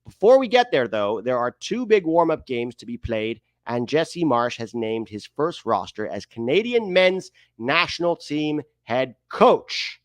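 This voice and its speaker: A man's voice: mid-range voice, very animated, measured pace, few pauses, no room sound. A man putting on a jokey Canadian news reader. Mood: mock formal. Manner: exaggerated, self-mocking put-on accent drifting toward Irish. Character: mock Canadian man reading a sports article.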